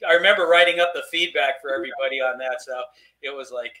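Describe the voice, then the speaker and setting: Bright-voiced friendly man on a call. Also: mid-range voice, quick pace. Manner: friendly, easygoing, hesitant fillers. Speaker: guest screenwriter. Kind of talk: casual interview chat. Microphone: video call.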